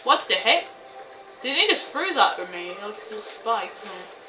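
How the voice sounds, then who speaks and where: Excitable woman, roomy distant sound. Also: mid-range voice, moderate pace, a little hiss or hum. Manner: excitable, swears, shrieks and laughs often. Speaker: gaming video host. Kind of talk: let's-play commentary. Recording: roomy, distant mic with game music. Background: game music and sounds.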